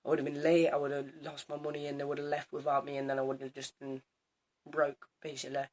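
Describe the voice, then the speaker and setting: A teenage boy telling a story to camera in a casual vlog, animated and swearing, acting out both sides of an argument. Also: a little high, quick pace. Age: teens. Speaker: student vlogger.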